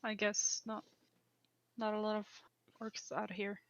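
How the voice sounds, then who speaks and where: A woman's voice: medium pitch, monotone, unhurried, a bit bright, dull audio. A woman voicing a hesitant young female sailor who stammers and speaks unsurely. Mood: quiet.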